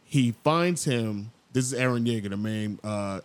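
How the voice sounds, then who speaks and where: A man hosting a casual podcast, retelling an anime scene in an animated, storytelling way. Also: measured pace, clear, resonant tone. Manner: animated storyteller, jumps into loud high voices for quoted characters. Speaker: podcast host.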